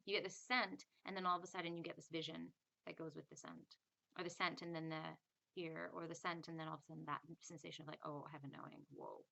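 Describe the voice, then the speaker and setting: A spiritual teacher gives a casual, chatty lesson in a lowish voice with vocal fry, sounding pushed and bright. In this teaching monologue she acts out little inner voices as if quoting them.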